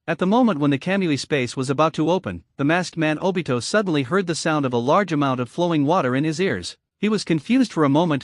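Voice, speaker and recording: A young man reading a scripted recap narration in a flat, even manner, reading the dramatic lines plainly too. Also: a little high, brisk, hardly any pauses, no echo, clean studio sound.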